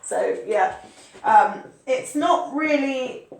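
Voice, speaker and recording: Patient woman teacher, high voice, unhurried delivery, spells words letter by letter. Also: lively intonation, vocal fry, darkish tone, echoey room. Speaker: English teacher. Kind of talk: online English spelling lesson.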